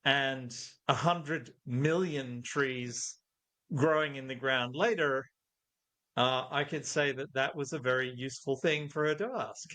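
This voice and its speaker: A man's voice: mid-range voice, fairly even intonation, unhurried, bright, forceful tone. A middle-aged man, a guest in an interview, talking thoughtfully and telling anecdotes. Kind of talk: conversational interview.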